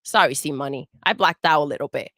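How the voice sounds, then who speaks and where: A woman's voice: low-pitched, fast talker, fairly bright tone, no echo, studio quality. A woman co-hosting a gaming livestream, ranting in a heated, profane way. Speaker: co-host. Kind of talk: casual livestream rant.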